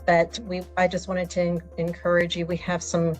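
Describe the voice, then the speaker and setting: A woman's voice: on the low side, monotone, moderate pace, soft background music. A woman with a Texas accent, a college library director, giving a brief, friendly orientation talk on a video call with a few hesitations.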